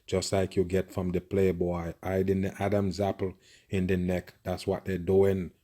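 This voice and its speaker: A man's voice: low-pitched, completely flat delivery, moderate pace, dark tone. A man giving profane, conspiratorial reaction commentary on a video, with constant murmured agreement.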